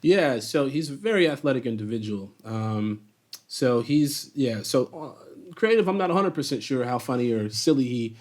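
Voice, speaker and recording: A man from Chicago tells stories as an interview guest. His voice sits at a middle pitch, his manner is animated, and he breaks into laughter often as he trips over his restarts. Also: normal speed. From Chicago, USA. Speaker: guest actor. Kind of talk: casual storytelling in an interview.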